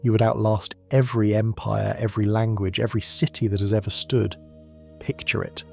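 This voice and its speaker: A man giving slow, measured, grave scripted documentary narration about science, in short deliberate phrases. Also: on the low side, level tone, creaky, darkish tone, soft background music.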